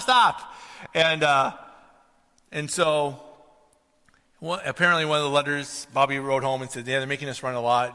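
A man's voice: on the high side, sharp tone. A man preaching a conversational sermon, telling a story and then rising to emphatic questions. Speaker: pastor. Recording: reverberant hall.

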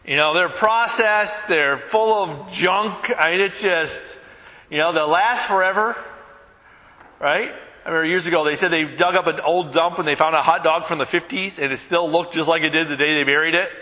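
A man's voice: on the high side, moderate pace, pushed and bright, long reverb tail. A man preaching a sermon as pastor, talking casually with anecdotes, many fillers and restarts. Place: church.

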